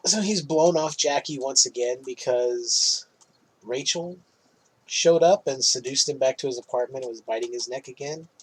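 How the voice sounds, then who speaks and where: A podcast host casually walks through a movie recap, swearing freely and often laughing at his own jokes. His voice is mid-range and husky, his pace moderate, and the recording rough.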